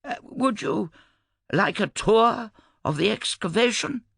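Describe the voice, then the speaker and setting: A cheerful researcher, as a male narrator puts him on, airy and unbothered, lifting his voice high and light. The words come in a breezy, offhand way, close to a dry mic. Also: expressive, slow pace, gravelly, fairly bright tone, breathy edge, no echo, full character voice.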